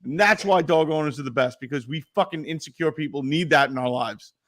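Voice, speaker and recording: A man's voice: on the high side, a little fast, fairly bright tone. A man co-hosting a casual sports podcast, going off on profane comic rants. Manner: profane, ranting comic riffs. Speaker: podcast co-host.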